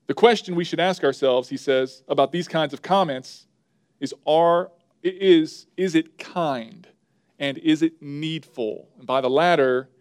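A male pastor delivers a sermon in a somewhat high voice, recorded dry and close. He talks emphatically, repeating key words and counting through his points one by one. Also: darkish tone, no room sound.

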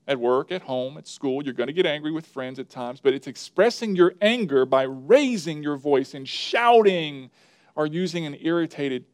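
A man's voice: fairly high pitch, darkish tone. Emphatic man preaching a sermon. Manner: emphatic, builds up repeated phrases; talks to the slide operator mid-sermon.

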